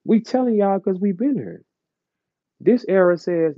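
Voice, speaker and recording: A man's voice: a little high, animated, moderate pace, no room sound. A man, ranting bluntly and profanely in a live audio chat, lecturing his listeners. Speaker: host of an audio chat room. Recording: dull lo-fi audio chat stream.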